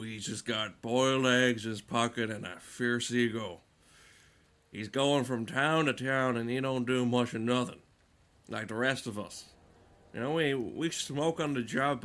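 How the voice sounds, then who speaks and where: A cranky old village gossip, voiced by a man, tuts about a neighbour in a folksy, scolding drawl. The voice sits at an ordinary middle pitch. He sounds like a rustic busybody who has already made up his mind. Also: a bit bright, lightly acted.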